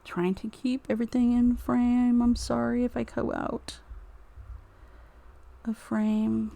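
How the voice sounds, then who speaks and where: A woman's voice: a little high, level tone, slow, vocal fry, pauses often, dark tone. A woman streaming a live craft demo, muttering to herself while she works.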